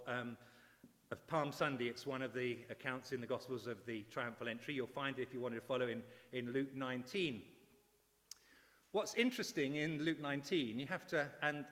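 A middle-aged man preaching a sermon, telling stories with animated, excitable bursts. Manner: warm, animated storytelling with sudden high excited bursts. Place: church. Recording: church hall with long reverb.

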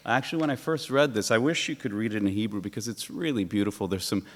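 A middle-aged male pastor giving a sermon, telling stories with animated, acted-out exclamations. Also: lowish voice, fast. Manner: animated storytelling, acting out exclamations. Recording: long hall reverb.

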